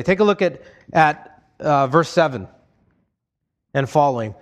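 A man with a somewhat high voice preaches a sermon. He reads the scripture aloud and then explains it in plain, everyday terms. His delivery stays earnest and conversational. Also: lively intonation, brisk. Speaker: pastor. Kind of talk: expository sermon.

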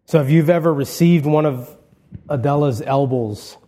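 A man with a fairly high but mellow, soft-edged voice, preaching a funeral sermon from a church. He tells anecdotes in a relaxed, conversational way, often restarting his sentences, and brings in light humor. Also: normal speed. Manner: conversational storytelling with warm humor and frequent restarts. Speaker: pastor. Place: church sanctuary.

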